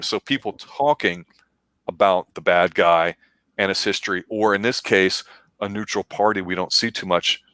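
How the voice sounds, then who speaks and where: A man with a deep, low voice talks through a show on a casual review podcast. He is measured and analytical, and the recording is dry and close. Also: a bit bright, no echo. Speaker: podcast co-host.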